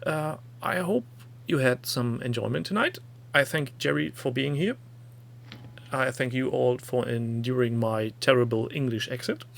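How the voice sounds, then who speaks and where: A man's voice: mid-range voice, normal speed, creaky. A man with a German accent hosting a casual hobby video chat, chatty and laughing often. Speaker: host.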